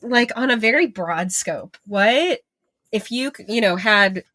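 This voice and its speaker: A woman's voice: a little high, animated, slow pace, bright, forceful tone. Reflective woman podcast host. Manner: reflective, affirming, frequent "like". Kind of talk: casual interview chat.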